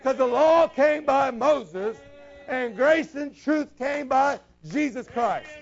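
A man preaching in an unusually high, gravelly voice, building to shouts and drawing out the lines he wants to land. The sermon comes through on a dull, muffled lo-fi recording. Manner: impassioned, breaks into shouts, slows down to stress key lines.

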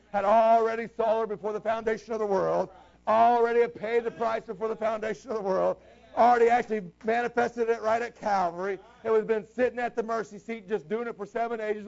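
Male preacher, very high voice, fair amount of fry, fervent and shouty at peaks, muffled lo-fi sound. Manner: impassioned, breaks into shouts, slows down to stress key lines. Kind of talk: sermon. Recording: dull lo-fi recording.

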